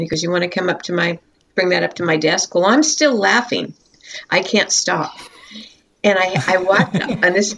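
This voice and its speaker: A woman's voice: fairly low pitch, creaky, slight background noise. An older woman chatting casually as a guest, telling stories and often breaking into laughter. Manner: giggly, storytelling, laughs often. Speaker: guest, interviewee's mother. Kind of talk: casual chat.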